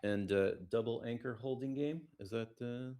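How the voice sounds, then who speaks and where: A man giving live play-by-play commentary on a backgammon match, chatty and casual, reading out viewer comments and keeping his voice down so the players won't hear him. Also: moderate pace. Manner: lowers his voice to stay quiet near the players.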